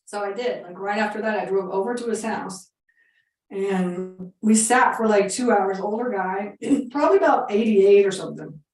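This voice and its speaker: A woman's voice: medium pitch, moderate pace, a little mellow, echoey room, far from the mic, rough recording. A woman coaching on real estate investing, telling a story in a chatty, casual way full of fillers and quoted dialogue.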